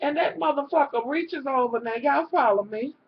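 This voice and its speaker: Speaking at a moderate pace in a high register, this woman rants casually about a reality show, cursing constantly and talking straight to her audience, whom she calls "y'all." Her tone is animated and exasperated. The dull lo-fi home recording carries a bit of hiss or hum.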